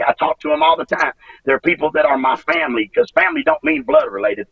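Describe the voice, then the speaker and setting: A man in his forties, a former pro wrestler guest, talking emotionally and profanely, halting and restarting often. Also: a little high, vocal fry, fairly bright tone, breathy edge, no room sound. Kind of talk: emotional interview. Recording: dull lo-fi sound from a distance.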